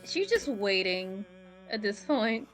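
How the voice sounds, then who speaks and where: A young woman playing a tabletop game, talking in a casual, halting way. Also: medium pitch, very animated, soft background music. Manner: hesitant, halting. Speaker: player.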